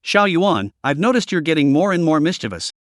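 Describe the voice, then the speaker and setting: A man's voice: a little high, very animated, fairly quick, no room sound, clean studio sound. A man voicing an affectionate, shy young wife in a storybook recap.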